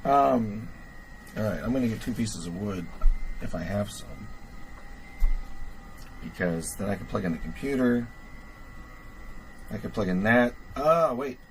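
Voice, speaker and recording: Hosting a livestream, a man in a lowish, expressive voice talks a little slowly, with long pauses, as he tinkers with his gear. His chat rambles casually, full of fillers as he thinks aloud, and he chuckles at himself. Faint music sits behind the low-quality recording.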